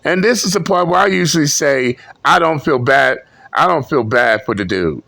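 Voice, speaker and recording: A man's voice: a little high, expressive, moderate pace, vocal fry, bright, forceful tone, dry recording. A man giving blunt, profane, scornful reaction commentary. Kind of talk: mocking commentary.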